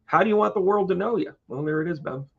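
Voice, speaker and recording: Gravelly-voiced man chatting on a stream. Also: high voice, fast talker, narrow, tinny audio. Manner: chatty and joking, talking to viewers by name. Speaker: astrologer and tarot reader hosting a live stream. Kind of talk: casual live stream chat.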